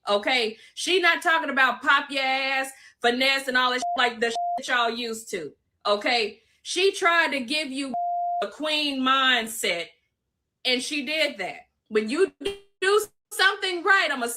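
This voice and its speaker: Woman in a social video clip, fairly high and bright, emphatic and profane, lectures her audience. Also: lively intonation, a little slow. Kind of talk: online video rant.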